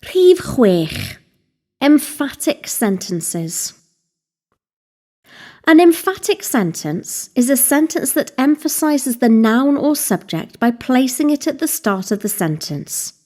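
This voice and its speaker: A woman narrating a scripted Welsh language lesson, slowly spelling out words and examples. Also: sits high, big pitch swings, darkish tone. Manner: slow, deliberate, spelling out vocabulary.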